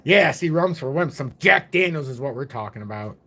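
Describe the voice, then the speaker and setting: A man's voice: fairly high pitch, animated, brisk, pushed and bright. Rambling jokey man in his forties. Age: 40s. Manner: rambling, jokey, self-deprecating. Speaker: crypto channel host. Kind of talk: casual livestream chat.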